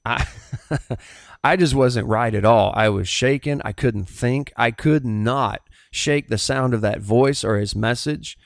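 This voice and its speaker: A middle-aged man with a Southern US accent shares a personal testimony as a pastor. His voice sits in an ordinary middle pitch. He speaks earnestly, with halting restarts, in a dry, close recording. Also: gravelly, no echo.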